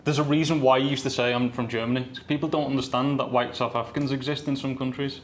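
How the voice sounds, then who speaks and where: A man's voice: mid-range voice, little pitch movement, quick pace. A man hosts a podcast in a casual, friendly way, cutting in with questions. His voice sits in the middle range, with a faint noise under it. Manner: friendly interviewer, jumps in with questions. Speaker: podcast host.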